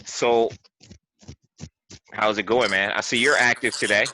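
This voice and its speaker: A man hosting a casual podcast chat, teasing and playful, building up to his questions deliberately. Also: on the low side, steady tone, noisy background. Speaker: podcast host.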